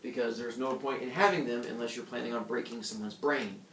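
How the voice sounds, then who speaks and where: A man's voice: medium pitch, fairly even intonation, a little fast, a bit bright, a little hiss or hum. Man teacher quizzing a class, heard from afar. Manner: quizzing students, chatty recap. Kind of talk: classroom book review. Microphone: camera at a distance. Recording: echoey classroom, mic far off, students chattering.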